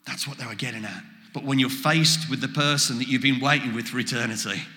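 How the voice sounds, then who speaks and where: A man preaching a sermon, animated, acting out quoted exchanges as he goes. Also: medium pitch, fast. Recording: echoey hall with long reverb.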